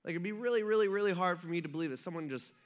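A man's voice: sits high, very fast. A man in his thirties preaching a casual sermon as pastor, chatty and joking as he retells the story. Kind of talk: casual sermon with humorous asides.

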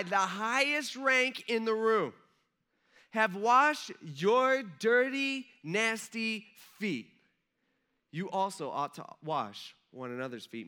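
A man's voice: high voice, sharp tone, smooth. A young man preaching a casual sermon, retelling a story and acting out the quoted voices. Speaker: pastor.

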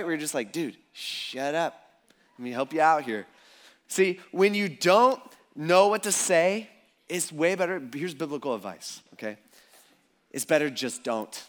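A man's voice: fairly high pitch, fairly bright tone. A man preaching a sermon in a casual, conversational, jokey way. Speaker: pastor.

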